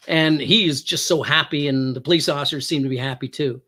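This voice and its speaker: A man's voice: fairly high pitch, fairly even intonation, fairly quick, few pauses, pushed and bright. A former police hostage negotiator from Canada, a male guest on a talk show, telling an anecdote with emphatic rises and hesitant fillers. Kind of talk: storytelling anecdote.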